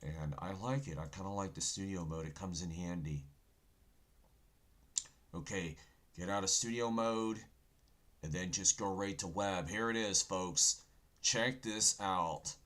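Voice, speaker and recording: A man's voice: low-pitched, a little slow, pauses often, a bit bright. A man hosting a casual livestream from his computer, talking in a folksy, rambling way, calling his viewers folks and preaching insistently about the Bible, with keyboard typing behind him. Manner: folksy, rambling, says "folks" and "okay" often; preachy, insistent on biblical points. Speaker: livestream host.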